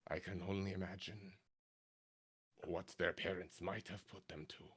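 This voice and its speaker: A man voicing an anxious male butcher with an Italian accent, speaking in a hushed, low voice. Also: moderate pace, slightly rough, full character voice. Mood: worried.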